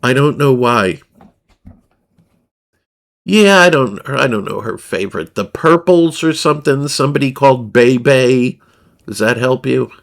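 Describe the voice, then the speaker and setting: A man's voice: mid-range voice, expressive, a little slow, creaky, pauses often. A man livestreaming in a crude, rambling, profane way, often laughing at himself. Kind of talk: crude casual stream chatter.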